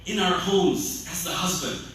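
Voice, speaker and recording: Imam guy giving a sermon, acts out scolding voices, bright tone, big echoey room heard from off-mic. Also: high-pitched, normal speed, far from the mic, slight background noise.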